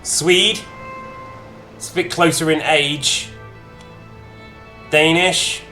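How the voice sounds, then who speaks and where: A man's voice: fairly high pitch, fairly even intonation, extremely slow, sharp tone, faint music behind. A man streaming a strategy game, chatting casually and reacting in short bursts to chat and menus. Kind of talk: casual gameplay commentary.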